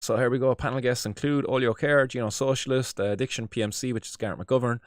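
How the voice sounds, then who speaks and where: A man's voice: mid-range voice, fairly even intonation, fast talker, no room sound. An Irish man hosting his own show, rambling casually with lots of fillers, restarts and the odd swear word. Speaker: host. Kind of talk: casual commentary.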